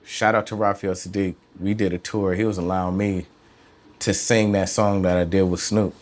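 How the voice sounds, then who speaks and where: A man's voice: deep voice, level tone, moderate pace, a little mellow. A man, a musician guest, talking about his career in casual, slangy interview chat, often trailing off and restarting. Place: studio.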